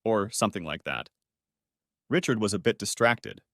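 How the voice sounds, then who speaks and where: A man with a lowish voice reads a story aloud as an audiobook, his scripted narration steady and measured. The recording is studio quality with no echo.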